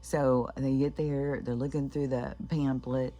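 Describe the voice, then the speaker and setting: A woman's voice: very deep voice, steady tone, takes it slowly, dark tone. A woman rambling through stories in a casual vlog, swearing freely and filling gaps with ums and restarts. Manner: chatty, profane, many fillers and restarts. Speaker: spiritual vlogger.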